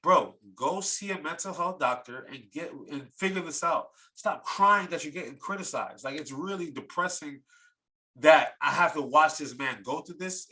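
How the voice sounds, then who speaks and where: A man's voice: fairly high pitch, normal speed, sharp tone. A man co-hosting a sports podcast, delivering a heated, ranting take. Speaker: podcast co-host. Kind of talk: sports talk rant.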